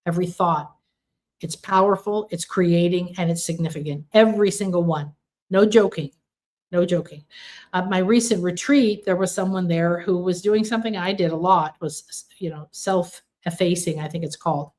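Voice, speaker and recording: Earnest, emphatic woman with a lowish voice. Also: normal speed, darkish tone. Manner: earnest and emphatic, repeats words for stress. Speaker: intuitive reader hosting a live stream. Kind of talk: live-stream spiritual reading, chatting with viewers.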